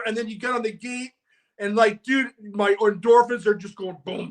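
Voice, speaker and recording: A man in his sixties hosting a podcast, chatting casually and excitably, saying "dude" a lot. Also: sits high, moderate pace. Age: 60s. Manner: excitable, peppers speech with "dude". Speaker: podcast host. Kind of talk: casual chat.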